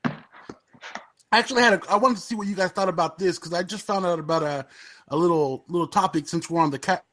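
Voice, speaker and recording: A man chatting casually as a podcast guest, hesitant and halting as he brings up a point. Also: high-pitched, a bit bright. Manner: hesitant, halting, full of fillers. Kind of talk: casual chat.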